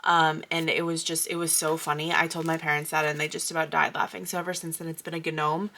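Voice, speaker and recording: A woman's voice: sits low, little pitch movement, fast talker, pushed and bright. A young adult American woman from the Midwest, vlogging about budgeting in a chatty, digressive, upbeat way. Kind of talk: casual chat showing purchases.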